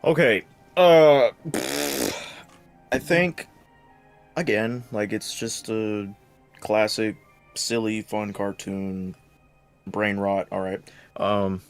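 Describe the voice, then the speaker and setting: Man, co-host, casual chat, hesitant and halting, lowish voice. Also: vocal fry, soft background music. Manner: hesitant, with fillers and sighs.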